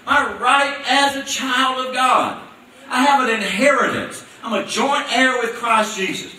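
A man delivers a sermon in a church, his high, piercing voice bouncing around a very echoey room. He stands back from the mic and presses his points with pointed questions and call-and-response, over a faint hum of noise. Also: pushed and bright, recorded from a distance. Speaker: preacher.

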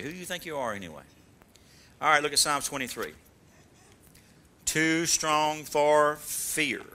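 A man preaching a sermon, coaxing call-and-response from the congregation and swinging from loud exhortation to soft, low asides. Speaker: pastor.

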